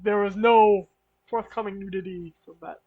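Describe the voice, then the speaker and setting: A woman's voice: medium pitch, steady tone, moderate pace, phone-quality sound. A woman co-hosting a podcast, animatedly recapping a sitcom episode in casual chat and laughing between lines. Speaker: podcast co-host.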